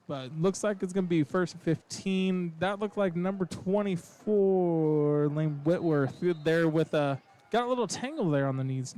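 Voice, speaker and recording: A man doing color commentary for high school football, chatty and joking, with plenty of fillers. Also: a little mellow, clean tone.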